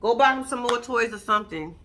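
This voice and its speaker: A woman with a bright, forceful voice pitched a touch high runs through a reality TV episode in a casual recap. She is sassy and blunt, talks right to her viewers, and swoops way up when something excites her. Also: a little fast.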